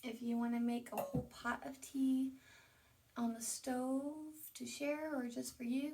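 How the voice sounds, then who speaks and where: Woman, casual home vlog host, chatty, enthusiastic, gravelly fry, distant mic. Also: on the high side, mellow. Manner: chatty, enthusiastic, with fillers and asides. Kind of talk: casual home vlog, showing items to camera. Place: at home, indoors.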